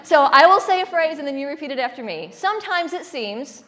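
A woman with a somewhat high voice leads a spiritual talk. She tells stories playfully and laughs often as she speaks. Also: lively intonation, fast talker, a bit bright. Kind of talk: spiritual talk with call-and-response.

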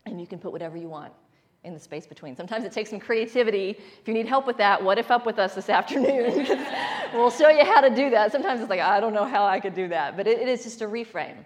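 A woman's voice: a little high, fast talker. A woman leading a spiritual talk with a congregation, telling stories playfully and laughing often. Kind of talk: spiritual talk with call-and-response.

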